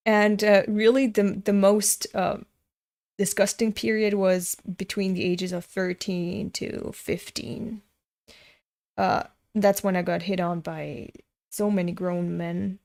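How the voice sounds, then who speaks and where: A woman's voice: medium pitch, darkish tone. A woman in her twenties reading a comic aloud and ranting frankly about it, swearing freely. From Europe. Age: 20s. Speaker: webcomic reader and commentator.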